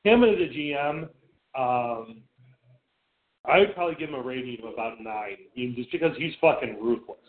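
A man co-hosts a casual sports radio chat, blunt and swearing freely, often stammering and restarting. His voice sits at an ordinary middle pitch. It comes through thin and narrow, like a phone line. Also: lively intonation, normal speed. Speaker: radio show co-host. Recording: phone-like lo-fi sound.

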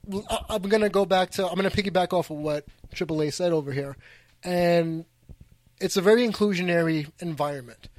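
High-voiced joking podcast host, man. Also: a little fast, dry recording. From New York. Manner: animated, joking, restarts and piggybacks. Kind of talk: casual podcast chat.

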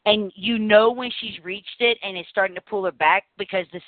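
A woman hosting a podcast in casual chat, telling stories in an animated, chatty way. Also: mid-range voice, moderate pace, no room sound. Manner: chatty, animated storytelling with laughs. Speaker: podcast host. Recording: phone-like narrow line, dry.

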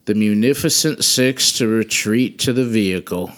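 A man's voice: lowish voice, steady tone, unhurried, hardly any pauses. A man playing a tabletop game in character, with a prim, theatrical exasperation. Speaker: player.

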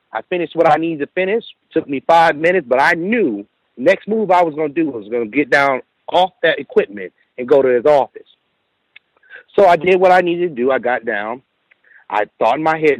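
A man's voice: a little high, no room sound, rough recording. A man calling in to tell a story from work, acting out the lines of others and often saying "you know". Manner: animated retelling with quoted dialogue, frequent "you know". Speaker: caller. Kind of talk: casual storytelling.

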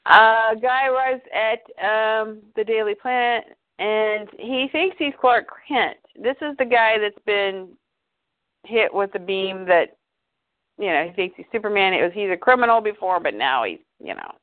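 A woman co-hosting a casual chat show, retelling a comic book story in an animated way with quick asides. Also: medium pitch, dry recording. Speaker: podcast co-host. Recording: tinny phone-like sound.

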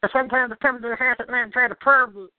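Man voicing a cartoon talking meatball, squeaky, childlike, timid, tinny dry phone line. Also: fairly even intonation, very fast, dry recording. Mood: spooked.

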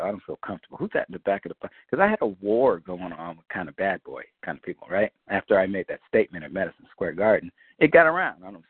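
Man, casual storyteller, very lively intonation, crude and animated, thin phone-line sound. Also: mid-range voice, breathy edge, no echo. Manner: animated, profane, acts out quoted dialogue. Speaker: guest musician telling a story. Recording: tinny phone-like line, dry.

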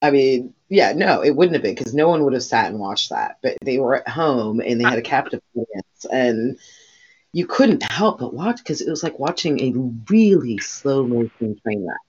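A woman's voice: extremely low pitch, expressive, normal speed, a little mellow, breathy edge. A woman co-hosting a podcast in casual chat, rambling and swearing freely, with lots of fillers. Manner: rambling, profane, many fillers. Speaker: podcast co-host. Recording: dull lo-fi recording.

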